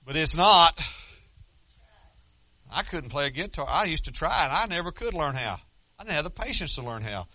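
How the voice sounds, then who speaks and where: A middle-aged man preaching a sermon as pastor, folksy and joking, building to loud, emphatic passages. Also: fairly high pitch, sing-song, moderate pace, long pauses, dry recording.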